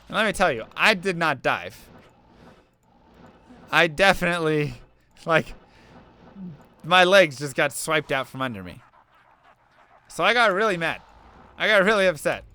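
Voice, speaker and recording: A young man streaming to viewers chats casually while gaming, telling an earnest, rambling story packed with fillers. His voice is a little high with a sharp tone.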